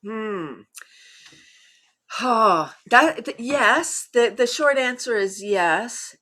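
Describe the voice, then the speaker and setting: A middle-aged woman who leads laughter yoga, talking as a guest in an animated way and often breaking into demonstration laughs. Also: fairly high pitch, extremely slow. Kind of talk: conversational interview.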